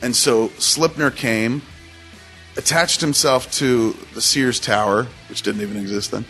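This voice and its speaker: A man co-hosting a podcast, riffing in casual comedic banter with a deadpan storytelling manner. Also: mid-range voice, measured pace, faint music behind. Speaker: podcast co-host.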